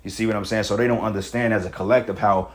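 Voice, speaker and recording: A man's voice: on the low side, fairly even intonation, quick pace. A man giving a casual spoken rant about a religious topic, blunt and confrontational, with profanity and rhetorical questions. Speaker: member of a religious group giving commentary.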